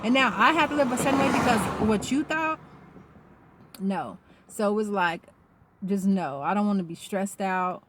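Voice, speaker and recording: A woman talking casually in a vlog, rambling and animated and swearing freely. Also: mid-range voice, moderate pace, slight background noise. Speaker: vlogger. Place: outdoors.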